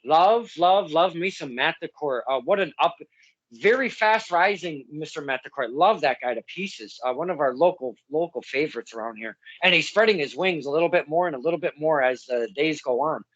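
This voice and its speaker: A podcast host who also works as a local wrestling ring announcer runs a casual interview, rambling and stammering through stories while laughing along. His voice is a little high, expressive, brisk, and fairly bright, captured in slightly dull lo-fi sound.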